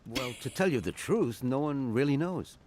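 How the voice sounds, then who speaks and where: A man's voice: medium pitch, animated, normal speed, a little mellow, slight background noise, lightly acted. An actor voicing a polite but evasive male hotel clerk in an adventure game, who likes to gossip. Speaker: hotel receptionist.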